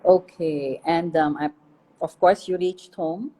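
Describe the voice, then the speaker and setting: A woman's voice: on the low side, steady tone, slow, dark tone, rough recording. A woman interviewing a guest, mostly giving short responses while she listens.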